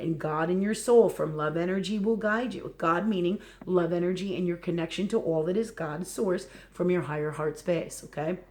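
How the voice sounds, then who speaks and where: Woman, spiritual teacher on a livestream, earnest, repeats herself, mid pitch. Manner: earnest, repetitive, checks in with "okay" and "right".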